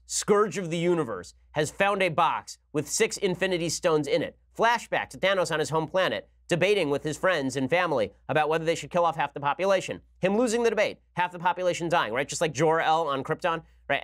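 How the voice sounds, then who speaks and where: A man hosting a podcast, delivering a rapid, sarcastic solo commentary rant into a studio microphone. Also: fairly high pitch, a bit bright. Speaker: podcast host.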